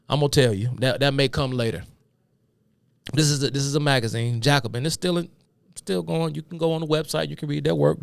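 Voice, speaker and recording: A man's voice: on the high side, creaky, dry recording. Heated man ranting, dry close mic. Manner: heated, profane, reads quotes then rants. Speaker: commentary host. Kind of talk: solo political commentary.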